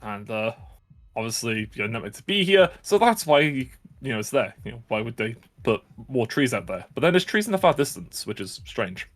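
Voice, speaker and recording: A man's voice: medium pitch, big pitch swings, normal speed. A man giving casual live commentary while speedrunning a game, jokey and upbeat. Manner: jokey, upbeat, self-aware.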